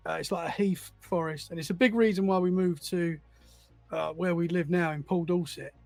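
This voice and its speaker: A man's voice: high voice, steady tone, moderate pace, creaky, darkish tone, no room sound, soft background music. A man, a podcast guest, telling stories in a rambling, casual way and often repeating words as he goes. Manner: rambling, repeats words while finding his thread. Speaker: podcast guest, paranormal enthusiast. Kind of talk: casual storytelling.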